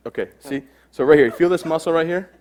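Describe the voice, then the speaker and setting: A young man delivers a humorous talk from a stage, his voice sitting a little high for a man. He tells stories in a joking, self-deprecating way. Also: fast. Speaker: keynote speaker. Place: stage before a live audience.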